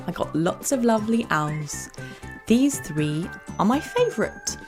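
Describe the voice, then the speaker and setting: A woman with a British accent hosting a children's educational podcast, telling facts in a bright storytelling way. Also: medium pitch, measured pace, loud music behind the voice. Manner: bright, animated, storytelling to kids. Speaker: podcast host.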